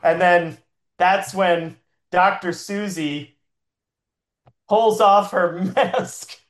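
A man's voice: sits high, steady tone, extremely slow. Rambling man telling an echoey comic tale. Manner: rambling with frequent "like" fillers and laughs. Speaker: improv storyteller. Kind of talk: comedic improvised storytelling.

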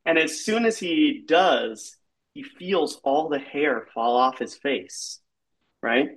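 A man's voice: a little high, expressive, takes it slowly, a bit bright, low-quality recording. A man improvising an absurd comic story, rambling and leaning on filler words. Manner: rambling, heavy use of filler "like".

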